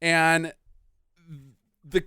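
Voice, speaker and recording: A woman's voice: low-pitched, monotone, extremely slow, sharp tone, clean tone, no room sound, studio quality. A woman co-hosting a podcast, chatting casually about a bad movie, laughing often and acting out quotes. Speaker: podcast co-host. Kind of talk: casual movie-riffing chat.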